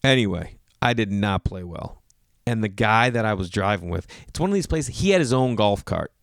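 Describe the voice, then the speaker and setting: A man's voice: lowish voice, moderate pace, no echo, studio quality. A man who does stand-up, telling funny stories in a casual podcast monologue. He says "like" a lot and acts out other people's lines. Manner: animated, leans on "like", acts out other people's lines in raised voices. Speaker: stand-up comedian and podcast host. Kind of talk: casual comedic storytelling monologue.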